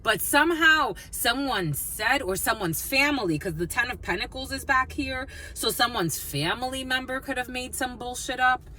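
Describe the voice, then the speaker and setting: Woman, tarot reader, casual reading, blunt, swearing, animated, lively pitch, faint background hum. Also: moderate pace, few pauses. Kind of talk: casual collective tarot reading with personal anecdotes.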